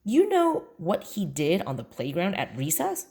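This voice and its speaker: A woman's voice: on the low side, huge pitch swings, moderate pace, creaky, darkish tone, pitched above the performer's own voice, full character voice. A woman voicing an earnest, worried third-grade boy with eager, indignant outbursts in a children's book read aloud.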